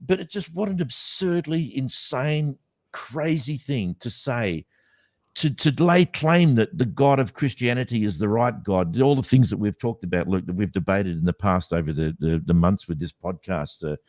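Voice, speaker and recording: A man's voice: lowish voice, normal speed, darkish tone, dry recording. A man co-hosting a podcast, talking skeptically in a casual debate with many restarts. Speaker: podcast co-host.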